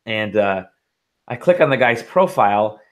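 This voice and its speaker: A man's voice: on the low side, expressive, measured pace. Rambling man telling podcast stories. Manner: rambling storyteller, swears and laughs often. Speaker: podcast co-host. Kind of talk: casual podcast chat.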